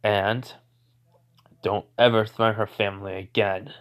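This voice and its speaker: A man doing a quietly menacing demon boy. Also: on the low side, fairly even intonation, a little slow. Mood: cold. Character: calm, menacing teenage demon-hero boy.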